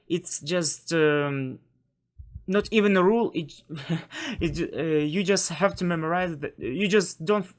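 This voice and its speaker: A woman with a Ukrainian accent teaches an online language lesson at a slow, unhurried pace. Her voice sits low for a woman. She hesitates often, fills pauses and corrects herself as she goes. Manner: hesitant, many fillers and self-corrections, light laughs.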